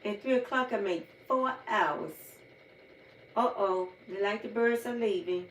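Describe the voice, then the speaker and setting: A woman's voice: medium pitch, a little slow, muffled recording, slight background noise. A woman hosting a livestream in casual chat, chatty and repeating her points for emphasis. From United States. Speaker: livestream host. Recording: roomy sound, far from mic, faint ambience.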